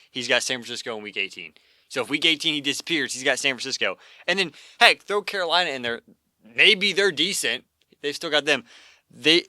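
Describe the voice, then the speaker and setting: A man hosts a casual sports podcast at a quick clip, his voice bright and sharp. He talks in opinionated bursts, stumbling over restarts and fillers, and the sound is dry and close. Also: mid-range voice, dry recording. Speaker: podcast co-host.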